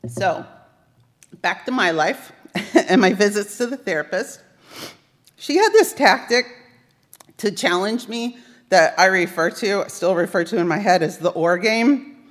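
A woman's voice: mid-range voice, lively intonation, a little slow, pauses often. A woman giving a sermon built around a personal story, wry and self-mocking as she tells it. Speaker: speaker at a Unitarian Universalist service. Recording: long reverb of a large hall.

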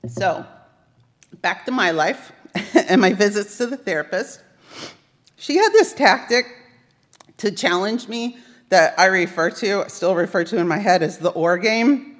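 A woman's voice: medium pitch, lively intonation, a little slow, long pauses. A woman giving a sermon, telling a personal story with wry, self-deprecating humor. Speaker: worship service speaker. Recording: long reverb of a large hall.

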